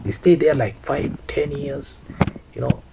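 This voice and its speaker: A man hosting a casual commentary talk, repeating himself and often calling out "ladies and gentlemen" with questioning hmms and huhs. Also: on the high side, a little slow, creaky, noisy background. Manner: repetitive, addresses audience as ladies and gentlemen; peppers talk with hmm and huh. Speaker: commentary channel host.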